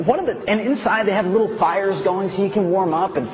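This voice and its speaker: A man telling a story as a motivational speaker, animated, with swings between loud outbursts and hushed stretches. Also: sits high, a little fast, slight background noise.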